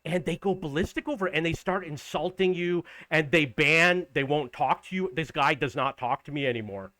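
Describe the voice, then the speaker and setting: Fifties guy ranting to camera, fed up and indignant, kinda high voice, dead dry room. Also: normal speed, bright, forceful tone, no room sound. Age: 50s. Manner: indignant, exasperated, quotes others in raised voice. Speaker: vlogger. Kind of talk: casual ranting monologue.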